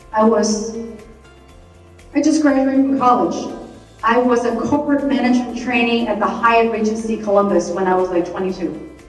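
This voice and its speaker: A woman, in her thirties, giving a motivational talk to a live audience, animated, acting out her own inner voice as she scolds herself. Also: mid-range voice. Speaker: speaker. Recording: echoey hall, mic from a distance, faint music.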